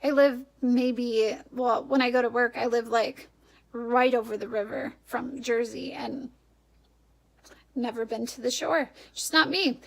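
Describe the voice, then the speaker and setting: Young woman, Upper Midwest American accent, high voice, gravelly fry, rambling casual vlog talk. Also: steady tone, measured pace, poor audio. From Wisconsin, USA. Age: young adult. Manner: rambling, laughs often, self-correcting. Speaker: vlogger.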